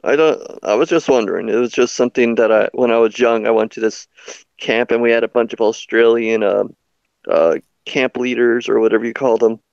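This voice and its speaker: A man's voice: medium pitch, steady tone, a little fast, gravelly, a little mellow, smooth, no room sound, dull audio. A man chatting casually on a live stream, curious and asking questions. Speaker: stream guest. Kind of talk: casual chat.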